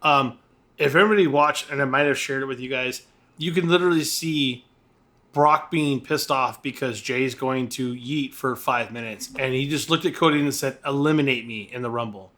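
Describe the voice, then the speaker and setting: Bright-voiced, blunt wrestling podcaster. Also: male voice, medium pitch, normal speed. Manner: blunt, profane, exasperated ranting. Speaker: podcast co-host. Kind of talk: casual chat.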